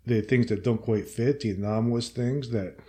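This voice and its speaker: A man's voice: mid-range voice, moderate pace, mellow. A man hosting a podcast in casual chat, offhand and jokingly boastful. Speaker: podcast host.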